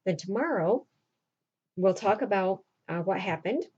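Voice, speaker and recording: A woman teacher retelling a play's plot to her class, acting out the characters' lines in a higher voice. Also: animated, a little slow, darkish tone, breathy edge, dull audio. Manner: acts out characters' lines with raised pitch.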